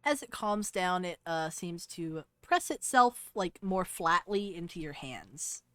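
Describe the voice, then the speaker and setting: A woman's voice: lowish voice, expressive, slow pace, a bit bright, no room sound. A woman narrating as game master in a tabletop game, easygoing with hesitant fillers.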